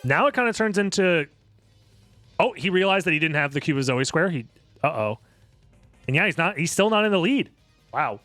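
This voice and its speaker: A young man casually commentating a live video game tournament in a rambling, jokey, excitable way. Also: on the high side, moderate pace, long pauses, dry recording, faint music behind.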